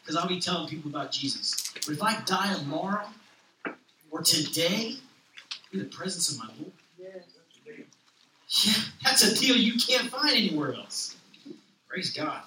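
High bright guy preaching, reads a kids' story with voices, echoey hall, a bit far off mic. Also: a little slow, long pauses, a little hiss or hum. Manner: animated storytelling with raised character voices. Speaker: pastor. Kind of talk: sermon with a read-aloud children's story.

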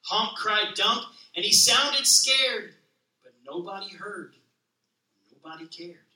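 Pastor guy reading a kids book then joking around, high voice, echoey church room. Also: slow, far from the mic. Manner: lively storybook reading, then casual joking talk. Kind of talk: sermon opening with a read-aloud picture book.

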